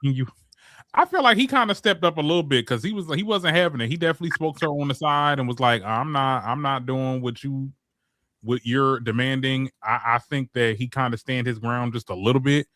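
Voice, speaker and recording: A man's voice: fairly high pitch, animated, fast, fairly bright tone, no echo, studio quality. A man on a casual panel, talking in a sassy and exasperated way. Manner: sassy, exasperated, says "honey".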